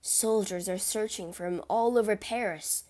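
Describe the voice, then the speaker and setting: A woman voicing an angry young nobleman who speaks loudly and indignantly. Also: medium pitch, normal speed, natural voice. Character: hot-headed young nobleman defending his father.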